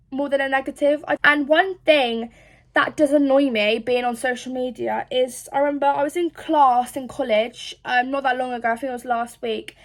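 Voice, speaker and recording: A young woman from England, chatting frankly in a rambling, casual way and swearing often. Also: high-pitched. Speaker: social media creator. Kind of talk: casual confessional chat.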